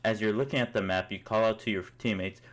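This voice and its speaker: A man's voice: lowish voice, steady tone, fast. Young man, amused mock-epic storyteller. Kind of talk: second-person comic storytelling.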